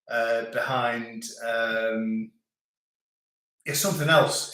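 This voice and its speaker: A man's voice: medium pitch, sharp tone. A middle-aged man from Britain hosting a casual live stream, reading viewer comments and rambling with frequent restarts. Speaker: channel host reading live chat. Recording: very echoey room.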